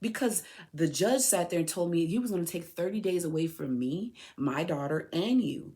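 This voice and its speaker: Impassioned woman telling a story, low voice. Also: expressive, normal speed, dark tone. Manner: impassioned storytelling with rhetorical questions; heated, repeats and restarts phrases. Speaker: mother addressing her son. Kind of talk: personal podcast monologue.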